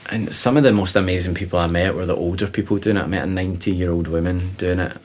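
A man, a guest on an interview podcast, telling lively travel anecdotes in a casual way with laughing asides. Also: low-pitched, fast talker. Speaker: interview guest, presenter and explorer. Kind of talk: casual storytelling.

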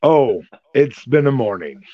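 A man's voice: mid-range voice, expressive, unhurried, no echo. Rambling man on a dull, dry line. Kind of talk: casual chat.

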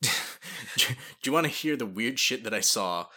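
A man's voice: medium pitch, lively intonation, fairly quick, pushed and bright. A man co-hosting a podcast, chatting casually with short backing replies and playful teasing. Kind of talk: casual chat.

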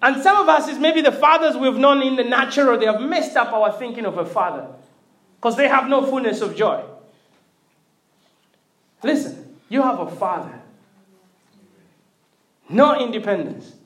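A middle-aged preacher delivering an animated sermon, repeating words and calling for response from the congregation. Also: medium pitch, moderate pace, long pauses. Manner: animated, swings from loud emphatic to quiet intimate. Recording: roomy echo.

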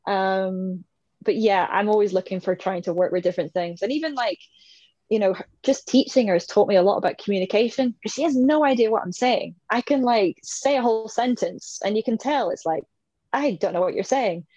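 A woman's voice: medium pitch, brisk, darkish tone, dry recording, dull audio. A woman in her thirties, talking as an interview guest in a casual, chatty way, laughing often and playing out little voices. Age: 30s.

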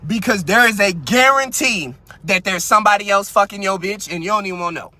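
A man hosting a podcast, giving crude, comedic commentary on a story he reads out. He swings between loud outbursts, quiet mutters and laughing at his own jokes. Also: high voice, fairly quick, no echo. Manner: crude, loud, cracks himself up, trails into mutters. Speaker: podcast host.

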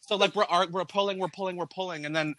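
A man's voice: sits high, steady tone, fast, bright, forceful tone, no room sound. A young man on a casual podcast, telling a story with lots of swearing and acted-out quotes in a raised voice. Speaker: podcast co-host.

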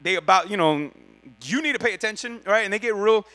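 A man with a high, bright voice teaching from the Bible like he's chatting with friends. His talk is slangy and loose, full of asides and quick self-corrections. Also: animated. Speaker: preacher.

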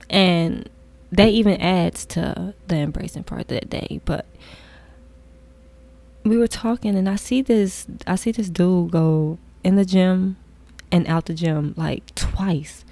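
Young woman, casual storytelling, candid, animated, soft whispered asides. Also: on the low side.

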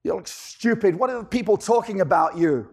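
A resentful, bitter older brother with a high voice, as a preacher acts him out, scornful and indignant. He speaks in a plain everyday voice. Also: lively intonation, a little fast, creaky, darkish tone, slightly rough, full character voice.

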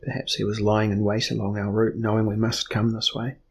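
A man voicing a frightened young woman who speaks in quiet despair, in an audiobook reading. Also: on the low side, completely flat delivery, a little fast, a little hiss or hum, close to an everyday voice. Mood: fearful.

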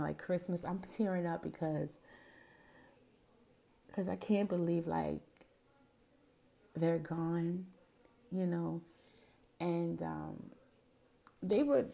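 Low, gravelly-voiced woman reminiscing. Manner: warm, rambling reminiscing with self-corrections. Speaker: host. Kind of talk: personal storytelling monologue.

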